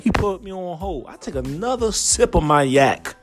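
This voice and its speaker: A man hosting a comedic story time show, telling a tale in a profane, slangy, animated way. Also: sits high, moderate pace, hardly any pauses, soft background music.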